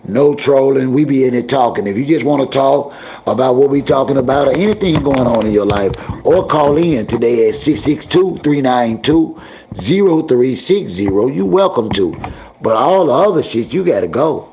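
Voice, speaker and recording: A man hosting a casual livestream, blunt and streetwise as he speaks to his chat, with a mellow, darker tone. The room sounds echoey, with a faint ambient hum behind him. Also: mid-range voice, expressive, normal speed. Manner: blunt, scolding and streetwise, addresses chat directly. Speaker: livestream host.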